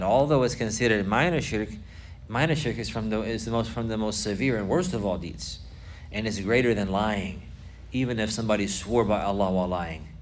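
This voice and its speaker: A man giving a religious lesson, explaining points slowly and repeating key phrases for emphasis. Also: on the low side, slight background noise. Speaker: Islamic teacher.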